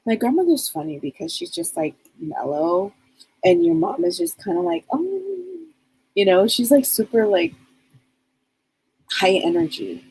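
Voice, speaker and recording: A woman's voice: lowish voice, very animated, moderate pace, dark tone, breathy edge, poor audio. A woman psychic medium giving a live reading, chatty and rambling as she passes on what spirits tell her.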